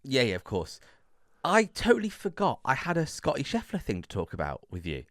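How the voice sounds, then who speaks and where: A young man co-hosting a podcast, telling stories in a playful, animated way. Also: medium pitch, fairly quick, dry recording, clean studio sound. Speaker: podcast co-host. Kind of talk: casual chat.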